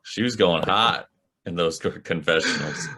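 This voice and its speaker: A man co-hosting a podcast, chatting casually about a reality show episode, agreeable and quick to laugh. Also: deep voice, sharp tone, husky. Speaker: podcast co-host. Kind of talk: casual recap chat.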